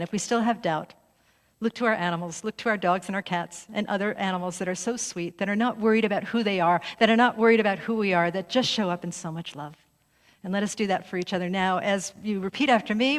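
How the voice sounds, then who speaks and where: A woman's voice: medium pitch, fast. A middle-aged woman minister giving a conversational sermon to her congregation, often breaking into laughter. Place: church sanctuary. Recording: long hall reverb.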